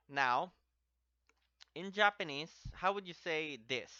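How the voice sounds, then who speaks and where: A man's voice: fairly high pitch, animated, takes it slowly, pushed and bright, no room sound. A man teaching a language lesson step by step, patiently repeating each example word twice as he explains. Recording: dry, slightly dull lo-fi recording.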